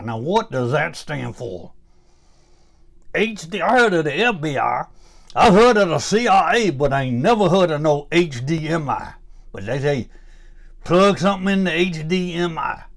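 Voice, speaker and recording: A man's voice: fairly high pitch, gravelly. A man playing a cranky older grandpa with a Southern Louisiana accent, ranting in a folksy, grumbling, exasperated comic monologue. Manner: folksy, grumbling, exasperated, rising to indignant outbursts. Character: cranky old Southern grandpa fed up with gadgets.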